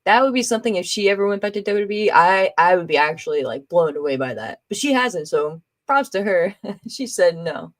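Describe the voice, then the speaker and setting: A woman's voice: on the low side, expressive, fairly quick. Chatty woman podcast host, laughs often. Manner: chatty and loose, laughs often, many fillers; exasperated, eye-rolling asides. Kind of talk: casual live-stream chat reading viewer comments.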